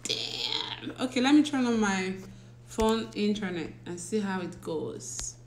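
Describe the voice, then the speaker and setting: Speaking in a sing-song, mid-range voice, a teacher hosts a laid-back livestream with a roomy sound and a little background noise. She goes slowly, chats and laughs a lot, and reads out viewers' names to greet them, recorded on a phone or laptop.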